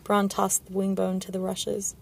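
A woman reading a fantasy novel aloud in a measured, low-key way. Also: completely flat delivery, vocal fry. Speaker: audiobook reader.

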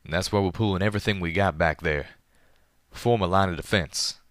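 A man doing a drawling pegasus shouting orders. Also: low-pitched, fairly quick, dry recording, studio quality. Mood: grim. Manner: loud, urgent, clipped. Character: Southern male pegasus fighter, shouting in battle.

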